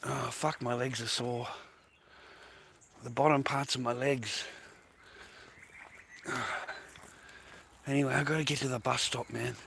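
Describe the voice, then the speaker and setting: A man's voice: medium pitch, fairly even intonation, a little slow, creaky, long pauses, a bit bright, a little hiss or hum. A tired, middle-aged man with an Australian accent, rambling and swearing as he talks to his viewers while walking outdoors. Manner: rambling, swears a lot, addresses viewers as mate and boys. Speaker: vlogger. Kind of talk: casual rambling monologue to viewers. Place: outdoors, walking to a bus stop early in the morning.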